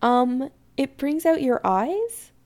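A woman voicing a flustered young man who pleads with his meddling mother, in an exasperated, animated way. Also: high voice, slow pace, voice pushed up, exaggerated voice.

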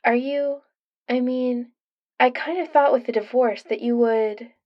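A woman voicing a soft, wistful ex-wife. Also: on the high side, fairly even intonation, a little slow, dull audio, voice pushed up, close to an everyday voice. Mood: hesitant. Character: soft-spoken sad young woman, ex-wife.

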